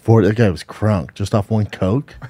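A man co-hosting a podcast who drops in quick jokes and crude remarks while his partner tells a story. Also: lowish voice, dark tone, dry recording. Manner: quick joking interjections. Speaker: podcast co-host. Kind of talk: casual comedic banter.

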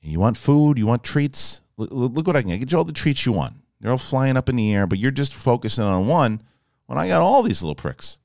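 A man voicing a calm, patient male Jedi mentor who coaxes his pupil softly. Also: medium pitch, fairly quick, vocal fry, no room sound, clean studio sound. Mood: coaxing. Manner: soft, coaxing.

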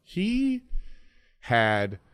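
Man, podcast co-host, expressive pitch, dry close sound, rambling stories. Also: drawn-out words, clear, resonant tone, no echo. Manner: rambling anecdotal storyteller. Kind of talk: casual chat.

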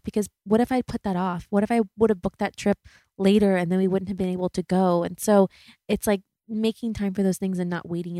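A woman in her thirties hosts a reflective solo podcast, speaking in a lowish, warm voice captured in a dry, studio-quality recording. She talks earnestly and chattily, often filling gaps with "like" and "you know."

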